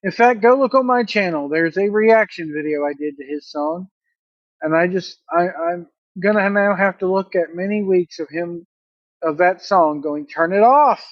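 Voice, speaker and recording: High-voiced, blunt male wrestling reviewer. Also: moderate pace, no room sound, highs cut off. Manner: blunt, opinionated, animated play-by-play recap. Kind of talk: casual solo review.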